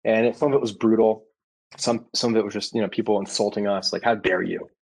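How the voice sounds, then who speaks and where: Man, 30s, founder in casual interview; husky low voice, lively with quoted asides. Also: fast, poor audio. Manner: animated, acts out quoted customers with restarts. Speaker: startup founder.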